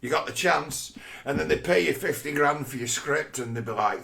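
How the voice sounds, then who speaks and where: A man's voice: on the high side, moderate pace, vocal fry, pushed and bright. A man in a rambling, profane casual rant who often stumbles and repeats words mid-thought.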